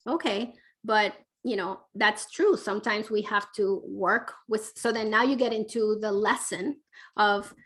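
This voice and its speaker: A woman's voice: mid-range voice, unhurried. A woman parenting expert answering viewer questions on a live online Q&A, speaking in a conversational coaching way with many fillers. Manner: warm conversational coaching, frequent fillers, reads questions aloud. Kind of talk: live online Q&A, casual advice.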